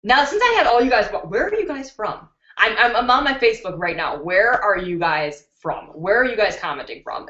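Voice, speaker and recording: A woman's voice: medium pitch, brisk, few pauses. Bubbly woman on a roomy webcam stream. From Chicago. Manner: bubbly, excitable, reads out viewer comments. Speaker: beauty YouTuber hosting a live stream. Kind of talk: live stream chat reading comments. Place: indoors at her computer. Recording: roomy, dull lo-fi webcam sound.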